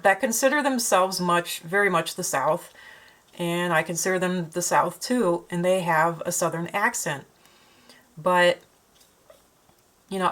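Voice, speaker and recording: In a low-quality recording, a woman speaks with a fairly low, fairly bright voice. She's an artist and vlogger from northern Minnesota, judging by her accent, rambling chattily to a camera she set up at home as she paints, with frequent fillers and restarts.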